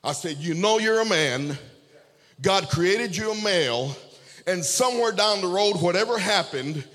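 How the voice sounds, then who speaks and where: High-voiced preacher in a reverberant hall. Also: male voice, lively intonation, unhurried, fairly bright tone. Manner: fervent, repeats amen and okay to the congregation. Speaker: pastor. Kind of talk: sermon with storytelling. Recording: long reverb of a large hall.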